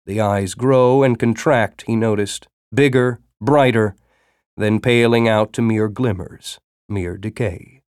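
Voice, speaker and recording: A man narrating a science-fiction story as an audiobook, with expressive storytelling. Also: fairly low pitch, slow, clean tone, dry recording, studio quality.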